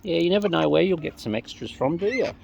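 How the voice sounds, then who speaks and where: A woman outdoors chatting playfully to wild birds, her greetings jumping into squeaky high hellos, recorded on a phone. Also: animated, fast talker, gravelly, a little mellow, lo-fi sound, a little hiss or hum. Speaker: vlogger feeding wild birds. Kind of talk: casual chat to birds. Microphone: phone camera.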